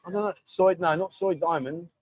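Man, middle-aged, high voice, chatty livestream host, dry sound. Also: brisk, darkish tone, no room sound. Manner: chatty and matey, often calls people mate. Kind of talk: casual live chat reading viewer comments.

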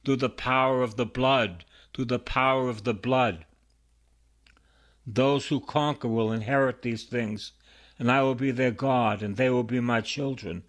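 A man's voice: medium pitch, fairly even intonation, unhurried. A male priest reading Scripture aloud and preaching on it, earnestly repeating key phrases for emphasis. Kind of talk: Bible reading and sermon.

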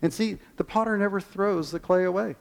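Animated preaching man, higher voice. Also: gravelly. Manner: animated preaching, acts out quoted voices, slows to stress key lines. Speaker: pastor. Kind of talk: sermon.

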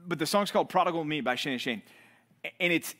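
A male pastor preaching a sermon in an animated way, acting out quoted voices. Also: on the high side, quick pace.

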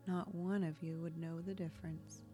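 A woman's voice: fairly low pitch, flat delivery, normal speed, mellow, faint music behind, natural voice. Woman reading as a fretful old grandmother.

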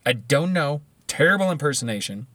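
Blunt, swearing male commentator, slightly high voice, rambling delivery, dead-dry close sound. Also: lively intonation, brisk, a bit bright, dry recording. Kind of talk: profane casual commentary.

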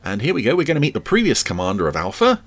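A man's voice: medium pitch, wildly swooping pitch, rapid-fire. A man hosting a podcast, giving chatty, enthusiastic commentary over an old TV episode. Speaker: podcast host.

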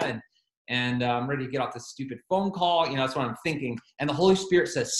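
A man's voice: medium pitch, fairly quick, reverberant. A man preaching a sermon, telling a story with animation and quoting both sides of a phone call.

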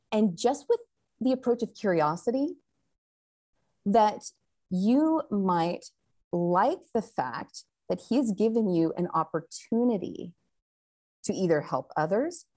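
Animated woman telling a family story. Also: fairly low pitch. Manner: animated storyteller who laughs often. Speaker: guest. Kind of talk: storytelling in a faith talk show.

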